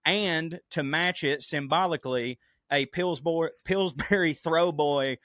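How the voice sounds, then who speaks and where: A man's voice: a little high, measured pace, fairly bright tone, dry recording, studio quality. A man co-hosting a comedy podcast, chatting casually, rambling with restarts, swearing and laughing often. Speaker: podcast co-host.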